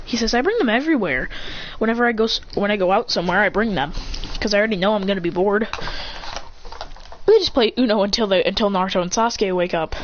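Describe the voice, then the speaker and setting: A quick, medium-pitched voice tells a fan story in a loose, rambling way, often backing up to restart a sentence and playing out what the characters say. The recording is lo-fi and dull, carrying a faint hiss.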